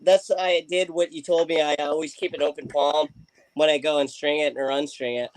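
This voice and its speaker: Man, casual livestream chat, rambling with fillers, fairly high voice, dry close sound. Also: steady tone, normal speed, dry recording, low-quality recording. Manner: chatty, rambling with many fillers. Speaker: livestream guest.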